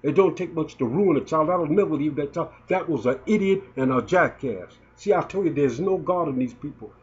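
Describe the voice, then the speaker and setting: A man's voice: fairly high pitch, expressive, a little fast, darkish tone. A man in his fifties giving emotional spoken commentary, indignant and stumbling as he repeats his words. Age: 50s. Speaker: video blogger. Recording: dull lo-fi recording.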